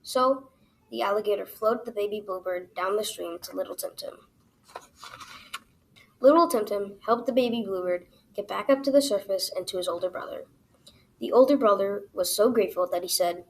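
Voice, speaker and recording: A woman's voice: mid-range voice, moderate pace, rough recording. Woman reading a children's story aloud. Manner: expressive, animated reading.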